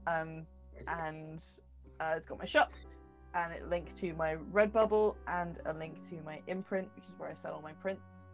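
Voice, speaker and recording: Self-mocking woman, fairly low. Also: fairly even intonation, normal speed, faint music behind. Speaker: player. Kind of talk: casual chat.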